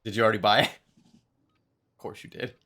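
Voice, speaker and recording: A man's voice: on the low side, fairly even intonation, moderate pace, bright, forceful tone. A man streaming games live, chatting casually with friends and viewers, swearing freely and laughing often. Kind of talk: casual gaming chat.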